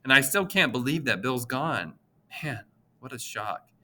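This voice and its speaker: A man's voice: mid-range voice, expressive, measured pace, bright, forceful tone, heavily acted. A man voicing a small, chatty older male pharmacist with a nasal voice and a friendly, gossipy way of talking in an audiobook. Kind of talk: audiobook character voice.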